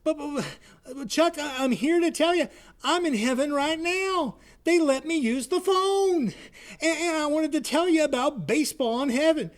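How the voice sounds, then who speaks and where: An earnest aging softball player, put on by a man telling a story, talks in a folksy, halting way and keeps repeating his words. The voice sits noticeably high for a man. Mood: eager.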